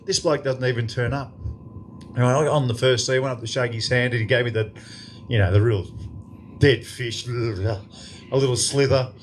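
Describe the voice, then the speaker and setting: Australian man, fifties, swearing storyteller, after-dinner speech, mid-pitched voice. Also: moderate pace, pauses often, slight background noise. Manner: profane, lively anecdote telling to a crowd. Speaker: after-dinner guest speaker. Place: club function room.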